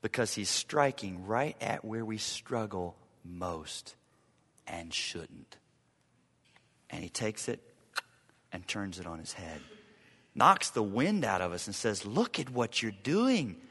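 A man preaching a sermon, with dramatic swings from loud urgency to hushed, near-whispered lines. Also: deep voice, lively intonation, slow pace, pauses often, husky. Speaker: pastor. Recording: long reverb of a large hall.

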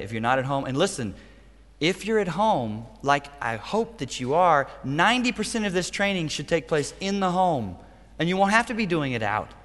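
A middle-aged man, a pastor, preaching a sermon in an emphatic, punchy way with sudden loud bursts. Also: fairly high pitch. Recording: long reverb of a church hall.

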